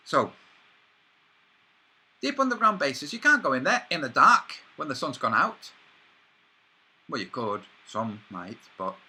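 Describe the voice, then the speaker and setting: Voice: medium pitch, pushed and bright, slightly rough. A speaker, rambling through a speculative monologue with frequent restarts and asides.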